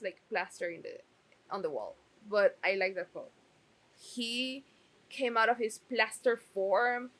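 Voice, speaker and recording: A woman's voice: medium pitch, a bit bright, low-quality recording. A woman giving a casual spoken review of a TV series, chatty and full of fillers, with the odd swear word.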